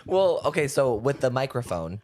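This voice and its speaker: A hoarse man co-hosts a laid-back podcast from an apartment. He talks into a handheld mic in loose, chatty sentences full of fillers. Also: medium pitch, sing-song, normal speed, a crowd in the background. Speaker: podcast co-host. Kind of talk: casual chat. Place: apartment used as a studio. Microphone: handheld microphone.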